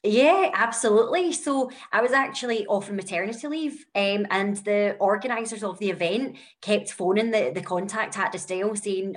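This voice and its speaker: A woman's voice: mid-range voice, normal speed, few pauses. Chatty young Glaswegian woman. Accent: Glasgow. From Scotland. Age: young adult. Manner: chatty storyteller, lots of fillers. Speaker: guest. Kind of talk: conversational podcast interview.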